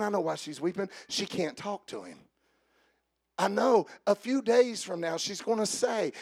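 A man delivers an Easter sermon in church, first joking softly with the congregation, then rising into loud, drawn-out preaching. His voice is high-pitched and slightly rough, with lively intonation.

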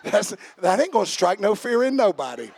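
A man preaching a sermon as pastor, swinging from quiet joking asides to shouted preaching and calling out to the congregation. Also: sits high, big pitch swings, brisk, gravelly, husky, a faint crowd. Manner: talks back and forth with the congregation. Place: church service.

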